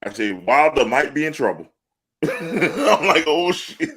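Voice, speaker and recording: A man's voice: a little high, a little slow, slightly rough. A man co-hosting a sports podcast, talking casually and boastfully, telling stories with laughter and swearing. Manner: boastful, animated storytelling with laughs and profanity. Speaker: podcast co-host.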